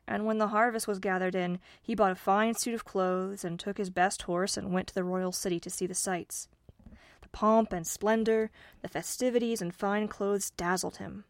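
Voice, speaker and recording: A woman narrating a fairy tale in an even, unhurried storybook reading. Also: lowish voice, no room sound, clean studio sound.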